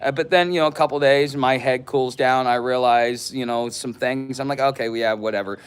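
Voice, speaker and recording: A man's voice: mid-range voice, little pitch movement, moderate pace, clear, resonant tone. A man vlogging in a casual, unscripted monologue, rambling with many fillers and restarts.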